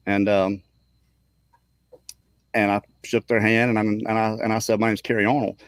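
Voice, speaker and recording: A man co-hosting a paranormal talk show, chatting casually and then reading a listener's story aloud, often clearing his throat and restarting his sentences. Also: on the low side, little pitch movement, a little slow, dry recording. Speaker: podcast co-host.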